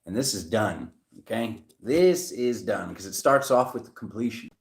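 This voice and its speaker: A man's voice: on the low side, moderate pace, vocal fry. A man giving a casual, chatty tarot reading to camera. He rambles playfully, with jokey asides and laughter. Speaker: tarot reader. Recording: echoey room.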